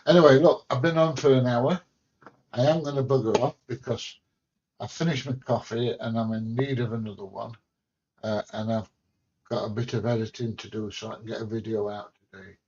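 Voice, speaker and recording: A man's voice: mid-range voice, steady tone, a little fast, a little mellow, a little hiss or hum. English man, livestream host, casual chat, mildly sweary, home stream, muffled sound. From England. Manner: blunt, joking, mildly sweary. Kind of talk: casual chat reading viewer comments. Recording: dull lo-fi stream audio.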